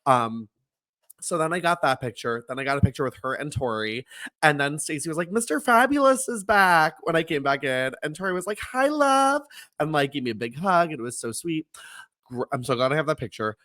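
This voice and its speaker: A young man co-hosting a podcast, telling stories in a lively, animated way, laughing often and acting out quotes in a high voice. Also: quick pace, no echo. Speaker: podcast co-host. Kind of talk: casual chat.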